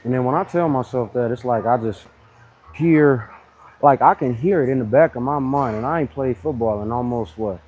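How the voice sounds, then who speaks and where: Blunt slangy guy on a fitness live stream, mellow dark voice, keeps doing squeaky voices of other people. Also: normal speed, slight background noise, rough recording. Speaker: fitness channel host. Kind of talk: casual live-stream chat.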